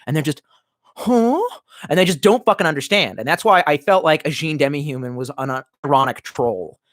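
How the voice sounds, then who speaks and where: A man with a fairly high voice rambles through a live stream, reading viewer comments and swearing freely. He trails off, restarts and leans on fillers. The sound is dry and close, with no room echo. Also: quick pace, a bit bright.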